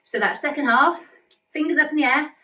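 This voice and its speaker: Upbeat woman dance teacher, higher voice, cheering on a class and chanting lyrics in time; roomy, mic a little way off. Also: sharp tone, distant mic. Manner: upbeat and encouraging, chants lyrics slowly to demonstrate. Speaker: dance instructor. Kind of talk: instructional dance tutorial.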